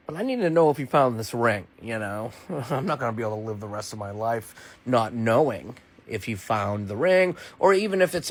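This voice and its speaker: A man telling a rambling, improvised comic story off the cuff. He swears freely, mocks himself and laughs between lines. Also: medium pitch.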